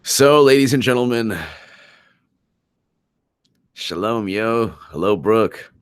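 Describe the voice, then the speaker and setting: A man with a low, deep voice runs a political live stream, speaking emphatically and often repeating his points. He stops to answer viewer comments. The sound is dry and close, with no room echo. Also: slow pace, clean tone. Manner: emphatic, repeats himself, reads super chats aloud.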